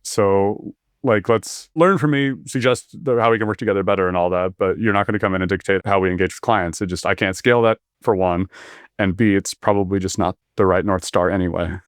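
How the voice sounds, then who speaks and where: A man hosting a podcast who talks in a quick, assertive way and often says "like". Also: deep voice, smooth, no echo, studio quality. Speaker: podcast host. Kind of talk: casual podcast chat.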